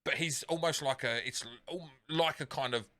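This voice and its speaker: A man's voice: mid-range voice, normal speed, bright, forceful tone. A man co-hosting a podcast, retelling a film scene in casual, sweary chat full of fillers. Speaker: podcast co-host.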